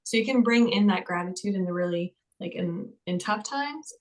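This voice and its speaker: A woman counselor chats as a podcast guest, telling everyday stories in a lively way. She fills her speech with casual asides. Her pitch sits in an ordinary middle range. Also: normal speed, poor audio. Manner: chatty, lively storytelling with many fillers. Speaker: mental health counselor.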